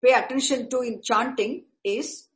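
A woman's voice: on the high side, fairly even intonation, normal speed, fairly bright tone, poor audio. A woman teaching a lecture on Vedic chanting, patiently repeating and rephrasing terms as she explains them.

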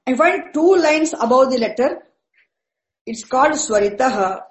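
High-pitched woman teaching Vedic chant. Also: lively intonation, rough recording. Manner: patient, repetitive, restarts words and spells out terms slowly. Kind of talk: explaining Vedic chanting accents to a class.

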